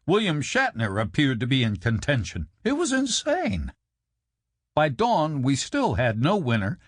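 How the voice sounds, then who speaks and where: A man narrating a comic essay audiobook close to a studio mic, with a wry deadpan delivery and sudden leaps in pitch for the punchlines. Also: dry recording.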